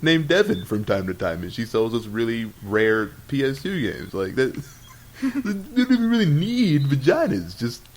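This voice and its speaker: A man's voice: medium pitch, big pitch swings, moderate pace. A young man from Texas on a casual podcast, rambling through a story with lots of laughing and quoted dialogue. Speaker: podcast co-host. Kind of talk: casual chat. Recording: amateur podcast with audible noise.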